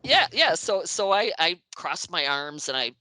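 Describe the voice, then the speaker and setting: A woman in her sixties, a guest in an interview, telling lively anecdotes with frequent laughs and acted-out quotes. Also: fairly low pitch, measured pace, rough recording. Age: 60s. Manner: lively, acts out quoted voices, laughs often. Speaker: interview guest, music writer.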